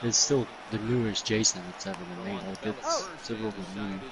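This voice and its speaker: A man's voice: lowish voice, sing-song, fairly quick, gravelly. A man chatting casually while playing a video game, rambling in slangy storytelling. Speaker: gaming video host. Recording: stadium crowd noise from the game.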